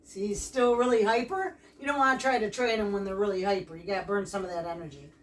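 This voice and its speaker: A woman's voice: mid-range voice, quick pace. A woman explaining puppy training outdoors in a plain, practical casual vlog manner. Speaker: dog trainer. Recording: distant mic, faint background noise.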